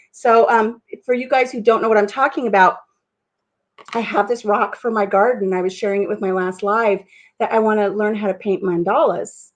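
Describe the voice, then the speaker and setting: A woman's voice: mid-range voice, steady tone, moderate pace, highs cut off. Middle-aged woman, chatty host who wanders off topic, easygoing live-stream talk at home. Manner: rambling, goes off on tangents. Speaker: livestream host. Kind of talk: casual chat. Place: at home, painting a rock over coffee.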